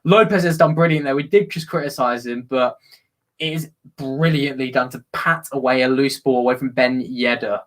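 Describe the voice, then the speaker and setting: A man hosting a live football watch-along, chatting and breaking into excited commentary. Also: mid-range voice, moderate pace. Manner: excitable, bursts into loud commentary on goals.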